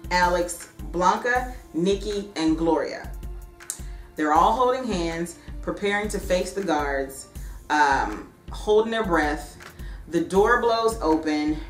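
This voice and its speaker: A woman casually recapping a TV season for her vlog, chatty and animated, with frequent "um" and "like". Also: on the low side. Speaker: TV recap vlogger. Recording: echoey room.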